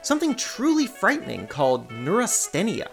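A woman's voice: medium pitch, huge pitch swings, moderate pace, gravelly, over music. A woman hosting a podcast, narrating a script with wry, playful asides. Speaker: podcast host.

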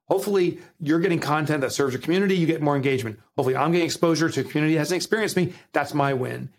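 A man's voice: a little high, very fast. Emphatic man with a Jersey accent. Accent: New Jersey. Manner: emphatic, animated, motivational. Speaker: guest author. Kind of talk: podcast interview.

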